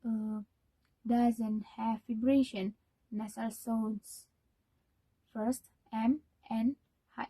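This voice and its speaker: Slow, halting young woman presenting. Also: fairly high pitch, mellow, husky, low-quality recording. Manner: halting, many fillers and restarts. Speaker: student. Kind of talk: spoken class presentation.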